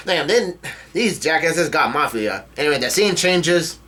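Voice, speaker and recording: A man casually reading a manga chapter aloud, talking quickly with fillers and restarts and cursing in disbelief at twists. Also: a little high, lively intonation, pushed and bright. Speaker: manga reader and reactor. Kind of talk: casual read-through with reactions.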